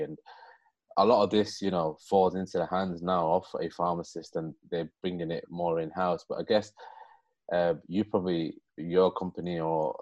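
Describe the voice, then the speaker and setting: A man's voice: deep voice, darkish tone, dry recording, muffled recording. A man hosting a casual podcast interview, asking long rambling questions in a chatty, joking way. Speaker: podcast host.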